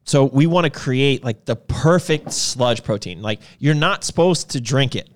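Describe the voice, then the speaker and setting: Lively, joking male podcast host. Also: mid-range voice, measured pace, slight background noise. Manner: joking, laughs easily, loose and rambling. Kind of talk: casual chat.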